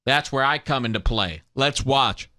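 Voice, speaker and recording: A man's voice: medium pitch, moderate pace, sharp tone. A man hosting a show, mocking a clip in comedic commentary with laughter and impressions.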